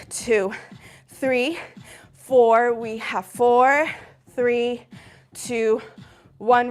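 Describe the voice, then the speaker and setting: A woman fitness instructor coaching a live workout, upbeat and encouraging as she counts reps, a little out of breath. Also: on the high side. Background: workout music.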